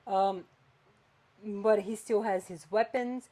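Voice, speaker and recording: A woman's voice: medium pitch, measured pace. Chatty woman podcast host. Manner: animated, chatty, swings between flat and emphatic. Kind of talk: casual chat.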